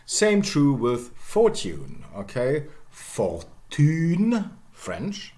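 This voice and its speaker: Male professor, low voice with wide pitch swings, unhurried lecture delivery. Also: very animated. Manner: demonstrates pronunciations slowly, asks "okay?" often. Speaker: linguistics professor. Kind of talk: university lecture.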